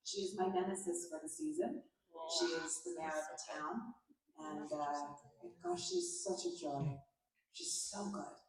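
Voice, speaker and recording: A woman in her forties answering on a convention panel, warm and enthusiastic as she praises a co-star. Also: low voice, very animated, a little slow. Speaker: panel guest. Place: large convention hall stage. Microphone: handheld mic through PA, filmed from front row. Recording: echoey hall from far off, crowd.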